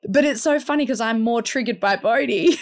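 A woman's voice: fairly high pitch, fairly quick, a crowd in the background. A woman co-hosting a podcast, telling a story about her family in a chatty way. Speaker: podcast co-host. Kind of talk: casual conversational interview.

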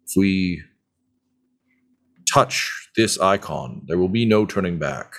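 A man voicing a formal, dignified knight who speaks in measured tones. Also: sits low, expressive, a bit bright, full character voice. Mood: solemn. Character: formal, dignified older male knight leader.

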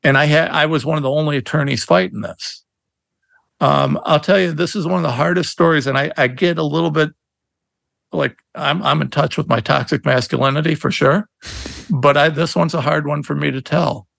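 A middle-aged male attorney, a guest on a podcast, tells stories in a conversational interview, speaking earnestly and emphatically with many restarts. His voice is slightly high, creaky, and a bit bright, and he talks a little fast, with no room sound.

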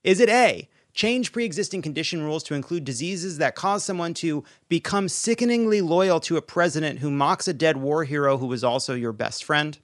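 A man hosting a comedic political show, energetic and sarcastic. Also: on the high side, no room sound, studio quality. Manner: sarcastic, energetic, quick jokes. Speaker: podcast host.

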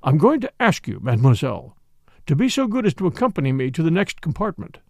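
A smooth, apologetic police official who soothes and persuades with formal courtesy, as a male reader voices him. The voice carries a gravelly grain and sits close and dry on the mic. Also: a little high, big pitch swings, fast, no echo. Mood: soothing.

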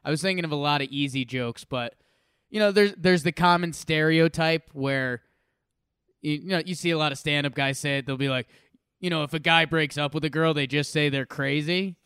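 A man's voice: a little high, moderate pace, fairly bright tone, smooth, no echo, clean studio sound. A man co-hosting a casual podcast, joking and rambling with lots of "like" and "you know.". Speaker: podcast co-host.

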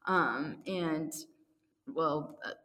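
A woman's voice: low-pitched, drawn-out words, bright, forceful tone. A young woman co-hosting a casual sports chat, giggly and chatty with lots of fillers. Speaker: podcast co-host. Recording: echoey room with long reverb.

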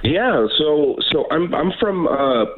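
A man from Canada in his thirties, a guest actor on a phone interview, telling stories in a lively, laughing way with frequent restarts. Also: on the high side, slow. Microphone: phone line. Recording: tinny phone line.

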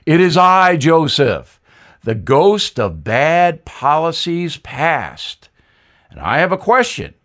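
A man's voice: very animated, slow, fairly bright tone, full character voice. A man voicing the scolding ghost of an older former president with a Southern accent. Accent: American Southern. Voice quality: booming, scolding.

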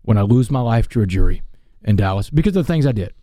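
A man telling his life story as a guest in an interview, in an earnest, animated way. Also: on the low side, quick pace, dry recording, studio quality.

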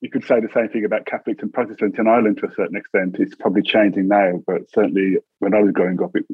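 Man, 60s, poet guest; low husky voice, relaxed storyteller, dry tinny line. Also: racing, dry recording. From England. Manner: chuckles often, acts out voices in his stories.

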